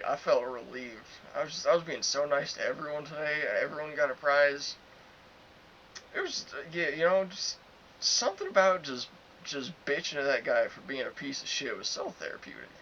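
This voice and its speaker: A man's voice: a little high, lively intonation, normal speed, bright, forceful tone. A young man casually telling a crude, ranting story as a podcast co-host. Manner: crude, ranting, acts out both sides of arguments. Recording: slightly dull, faint hiss.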